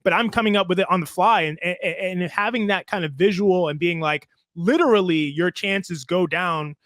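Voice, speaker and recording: A man's voice: high-pitched, normal speed, a bit bright, no echo, clean studio sound. A man co-hosting a podcast as a basketball analyst, explaining his ideas step by step in casual chat and repeating phrases.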